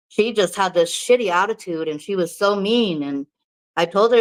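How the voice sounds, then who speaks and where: A woman's voice: lowish voice, moderate pace, low-quality recording. A woman vlogger from New Mexico chatting casually to the camera, candid, swearing freely and laughing often.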